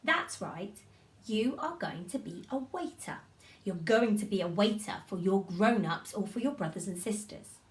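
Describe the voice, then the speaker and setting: Animated woman coaching young kids. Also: medium pitch, normal speed, recorded from a distance. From United Kingdom. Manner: animated, coaxing, sing-song encouragement. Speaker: children's drama teacher. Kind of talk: lively instructions to young children.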